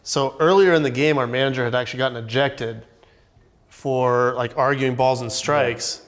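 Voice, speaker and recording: A man's voice: medium pitch, fairly even intonation, normal speed. A man, a baseball player, chatting casually as he sets up a shared story.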